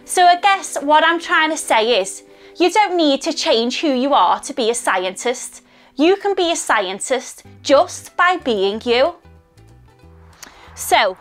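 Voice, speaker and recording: High-voiced Scouse woman explaining science. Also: fairly bright tone. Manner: cheerful, clear explaining to young kids. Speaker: scientist presenting a kids' science video. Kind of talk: educational talk to children.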